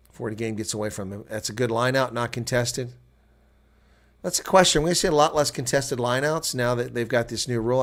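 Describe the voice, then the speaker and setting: Excitable American man calling rugby live. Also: medium pitch. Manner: excitable, jumps to loud shouts at big plays; chatty asides to viewers. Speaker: host. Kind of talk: live reaction play-by-play commentary.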